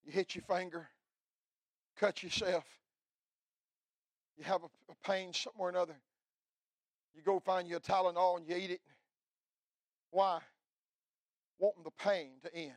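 Fiery preacher, shouting and hushed. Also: male voice, high-pitched, fairly even intonation, a little slow, long pauses, no echo. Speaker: pastor. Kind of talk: fiery revival sermon.

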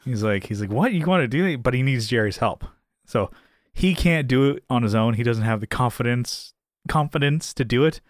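This man co-hosts a podcast where he casually runs through a TV episode, swearing and laughing a lot along the way. He slips into high-pitched voices for quotes. His pace is moderate, with no echo and clean studio sound.

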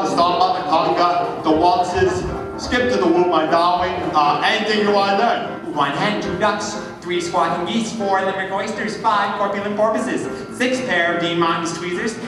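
A man's voice: sits high, voice pushed up, close to an everyday voice. A young man doing a live stage impersonation of a manic, showy 1950s male comedian. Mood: rattling. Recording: echoey hall from far off with music.

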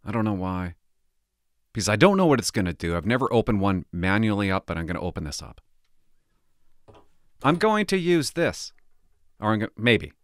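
A man's voice: on the low side, big pitch swings, normal speed, pauses often, dry recording, clean studio sound. A former police officer talking casually to camera, nervous and laughing to himself as he pries open a device. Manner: nervous, laughing, talks to himself while tinkering. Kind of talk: casual vlog narration.

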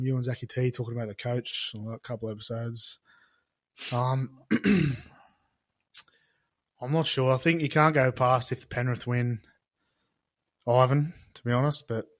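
A young Australian man appears as a podcast guest, rambling through casual banter, telling crude jokes and laughing as he goes. His mid-range voice is steady and a little slow, with long pauses, captured in studio quality with no echo.

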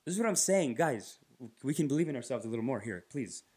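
A man's voice: mid-range voice, sing-song, quick pace, a little mellow, slightly rough. A man from Canada hosting a podcast, telling rambling comedic stories and swearing freely. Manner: rambling, swearing, acting out bits. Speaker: podcast host. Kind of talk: casual comedic storytelling.

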